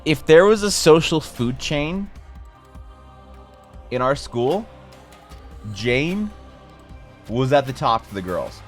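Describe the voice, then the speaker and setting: A man's voice: mid-range voice, sing-song, takes it slowly, long pauses. Rambling, self-mocking young man. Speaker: streamer and artist. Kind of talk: casual storytelling on a live stream. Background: faint music.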